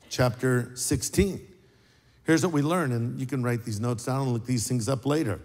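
An older man preaching a sermon as pastor, an animated storyteller with wry, sarcastic asides. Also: fairly high pitch, in a large hall.

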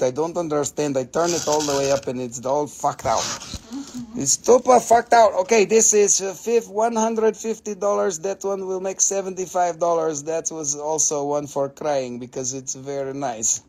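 Hosting a live stream to sell crystals, an excitable man raves about every piece and curses freely. For a man, his voice is fairly high, and he talks at a moderate pace.

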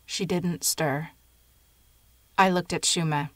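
Low, measured woman narrator. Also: no echo. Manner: measured, even storytelling. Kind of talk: scripted narration of a short story.

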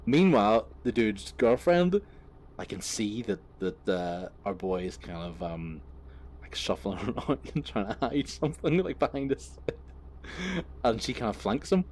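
A man's voice: on the low side, sing-song, a little slow, a little mellow, slight background noise. Swearing, rambling man talking while driving. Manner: profane, rambling, laughing. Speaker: vlogger. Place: in a car.

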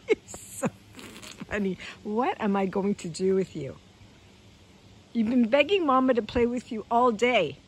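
A woman chats to her big dog out in a yard, coaxing it to play with swooping, lively calls. She speaks slowly and easily, her pitch leaping up and down. Faint outdoor ambience sits behind her voice. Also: a little hiss or hum. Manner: coaxing, sing-song calls to a dog, often laughing. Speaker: dog owner filming her pet. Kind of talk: casual vlog talk to her dog.

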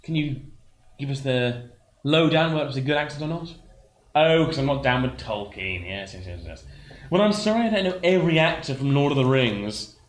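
A man's voice: medium pitch, animated, normal speed. Rambling man in an echoey room. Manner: rambling, hesitant, reads chat aloud. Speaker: co-host of a gaming livestream. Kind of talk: casual chat while streaming a game.

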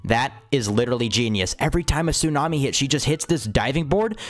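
A young man hosting a gaming video, excitable and exclamatory, talking straight to his viewers. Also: medium pitch, fast talker. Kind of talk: game commentary.

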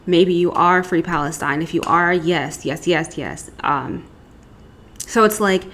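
Casting: young adult woman, lowish voice, loose rambling tarot reader talking straight to viewers. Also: fairly bright tone. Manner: chatty, rambling, fillers and asides. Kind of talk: casual pick-a-card tarot reading.

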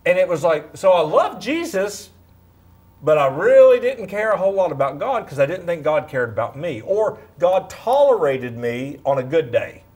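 Animated husky man in his fifties. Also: on the high side, moderate pace. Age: 50s. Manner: animated, storytelling, acts out quotes. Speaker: guest speaker. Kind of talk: faith testimony in a talk show.

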